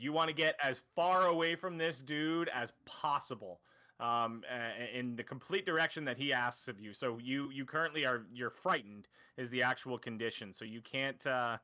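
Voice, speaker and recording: Bright-voiced man running a tabletop game. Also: medium pitch, highs cut off. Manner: rambling, self-correcting, laughs often. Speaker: dungeon master.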